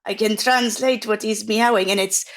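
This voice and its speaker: A woman's voice: medium pitch, fairly even intonation, moderate pace. A woman playing a tabletop game in character, hesitant and stammering. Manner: hesitant, stammering, mildly sheepish. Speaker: player.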